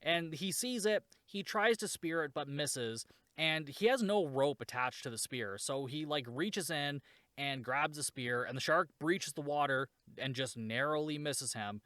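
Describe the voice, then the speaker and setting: A man's voice: fairly high pitch, unhurried, bright, forceful tone, no echo, clean studio sound. Sarcastic man recapping a movie. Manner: sarcastic, swears, lots of "like". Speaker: podcast host reviewing a shark movie. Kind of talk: casual spoken movie recap.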